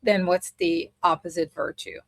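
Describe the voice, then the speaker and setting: Low-voiced woman teaching casually. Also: steady tone, normal speed, creaky, dry recording. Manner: thinks aloud, explaining step by step. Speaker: spiritual study group teacher.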